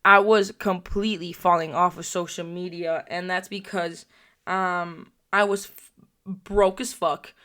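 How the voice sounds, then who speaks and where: A young woman telling crude comedic stories on her vlog, brash and profane, with sudden loud bursts and mocking quoted voices. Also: fairly low pitch, fairly even intonation, measured pace. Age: young adult. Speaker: vlogger.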